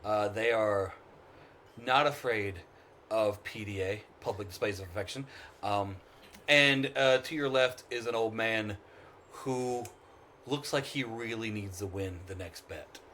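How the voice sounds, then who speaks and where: A man's voice: lowish voice, sharp tone, slight background noise. Man narrating a tabletop game. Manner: halting, filler-heavy description. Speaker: dungeon master.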